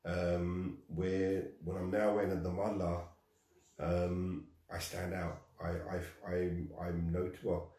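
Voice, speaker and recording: A man telling a personal story in a lively way, acting out the dialogue and laughing at himself. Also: deep voice, takes it slowly. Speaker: guest. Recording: echoey room, distant from mic.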